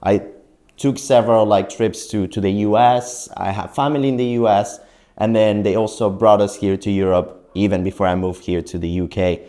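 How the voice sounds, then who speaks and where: A man's voice: fairly low pitch, normal speed. A young adult man from Mexico, a Spanish native speaker, guesting on a podcast and telling stories in casual chat with frequent laughs. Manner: lively storyteller, laughs often.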